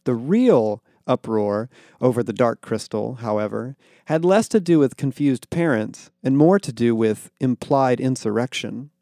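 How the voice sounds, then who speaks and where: A man's voice: mid-range voice, expressive, mellow, no room sound. Dry, wry man narrating a story. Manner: dry, wry storytelling with quick character voices. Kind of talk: audiobook-style fiction narration.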